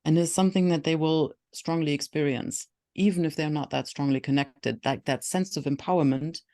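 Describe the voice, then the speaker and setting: Brief: German-accented academic guest, measured and teacherly, mid-range voice. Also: mid-range voice, steady tone, darkish tone. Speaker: guest, software engineering professor. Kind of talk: conversational interview answers.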